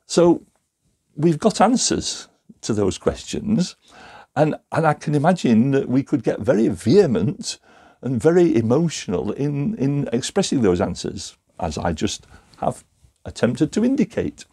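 Male preacher giving a recorded sermon; gravelly, husky voice, reflective and searching. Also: medium pitch, sing-song, measured pace, mellow. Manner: reflective, thinking aloud with small restarts. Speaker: Methodist preacher.

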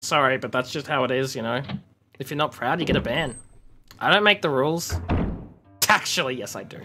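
A man's voice: mid-range voice, fast, music in the background. An Australian man chatting casually and joking while he streams a game. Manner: chatty, joking, mock-grumbling. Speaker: livestreamer. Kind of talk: casual gameplay commentary.

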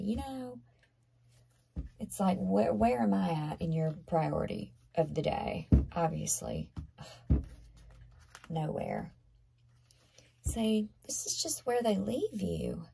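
A woman speaks slowly through a tarot reading, her low voice gravelly and husky. She talks to the viewer in an earnest, conversational way and often sinks into soft half-whispers. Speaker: tarot reader.

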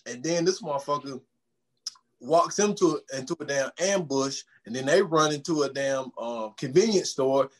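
A man's voice: medium pitch, moderate pace. A man hosting a podcast, recapping a film in casual, profane chat, retelling scenes with quoted dialogue.

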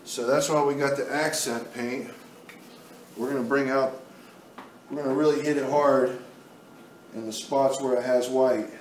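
Unhurried and a little mellow, this art instructor keeps his mid-range voice steady and leaves long pauses. He takes viewers through a painting demonstration step by step, easygoing as he works. Strong room echo, a far-off mic and faint noise color the audio.

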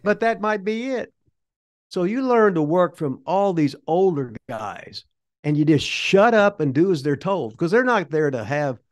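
Rambling older man, folksy. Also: fairly high pitch. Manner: rambling, folksy, swears casually. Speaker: retired pro wrestler, interview guest. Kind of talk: rambling shoot interview storytelling.

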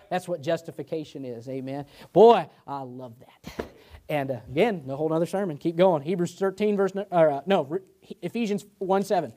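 A man's voice: fairly high pitch, a little fast, dark tone. A man preaching a sermon as pastor in a Midwestern American accent, folksy and joking, with frequent amens and asides to the congregation.

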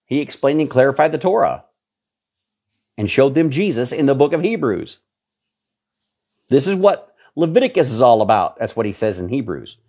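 A man in his fifties preaching a sermon, emphatic and repetitive, his voice jumping suddenly in pitch to stress a point. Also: sing-song, moderate pace, long pauses, a little mellow, slightly rough. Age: 50s.

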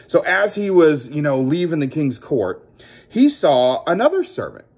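A man teaching children a Bible story as a children's ministry teacher, animated and acting out the characters. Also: fairly high pitch, moderate pace, husky.

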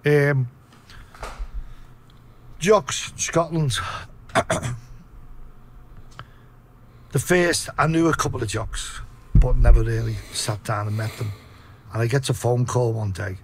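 A man with a Liverpool accent telling profane, animated stories in a casual interview. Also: medium pitch, takes it slowly, pauses often, a little hiss or hum. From Liverpool, England. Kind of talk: casual storytelling.

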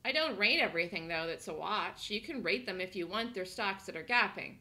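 A woman's voice: medium pitch, expressive, a little fast, pushed and bright. A woman hosting a live day trading room, chatting casually, laughing often and thinking aloud as she calls trades.

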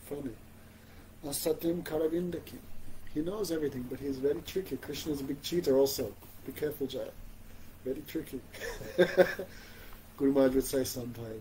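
A man giving an informal religious class, conversational and gently humorous, often asking his listeners "you know?". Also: on the high side, slight background noise, rough recording. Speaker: spiritual teacher giving a class.

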